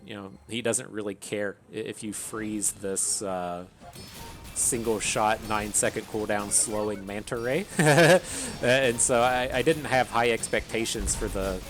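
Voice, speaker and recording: A man's voice: fairly low pitch, a little slow, fairly bright tone, faint music behind. A man giving casual commentary while playing a video game, rambling, repeating words and swearing now and then. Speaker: gaming streamer.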